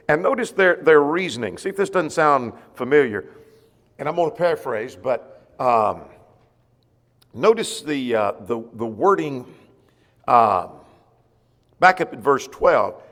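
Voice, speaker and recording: A man's voice: mid-range voice, animated, normal speed, fairly bright tone. A man teaching a church Bible class, reading scripture aloud and explaining it with frequent ums and uhs. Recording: echoey church hall.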